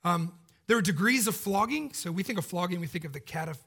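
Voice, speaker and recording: A man's voice: high voice, animated, quick pace, creaky, pushed and bright, slightly rough. A man preaching a sermon in a casual, joking, conversational way.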